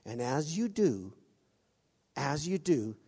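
A man preaching a sermon, halting often with restarts and acting out quoted voices. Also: a little high, sing-song, mellow, breathy edge. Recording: long hall reverb.

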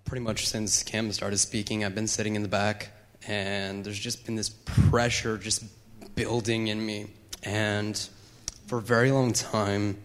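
Low, flat-voiced man sharing hesitantly. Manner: halting, earnest, hesitant. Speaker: congregation member.

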